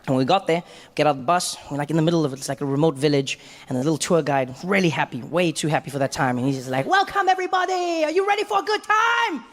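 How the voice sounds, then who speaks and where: A man's voice: a little high, very fast, in a large hall. A man from Africa telling a long funny story on stage and jumping into voices as he goes. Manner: animated storytelling with frequent voice act-outs. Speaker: stand-up comedian. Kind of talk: stand-up storytelling. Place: comedy club stage.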